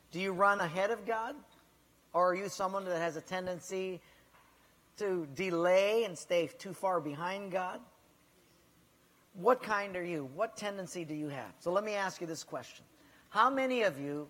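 A man's voice: sits high, fairly bright tone, big-room sound. A man preaching a sermon as pastor, asking the congregation direct questions and telling stories.

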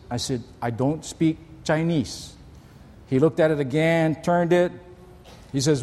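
A man's voice: on the high side, unhurried, darkish tone. A man preaching a sermon as a story, talking conversationally with rhetorical questions and repeated words. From Hawaii. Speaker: pastor. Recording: long reverb of a large hall.

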